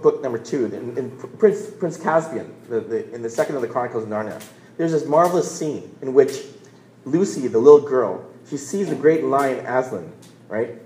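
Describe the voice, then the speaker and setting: A man's voice: mid-range voice, expressive, moderate pace, a little mellow, slight background noise. A man, preaching a sermon in a conversational storytelling way. He often restarts words and checks in with "right?". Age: 40s. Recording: roomy echo.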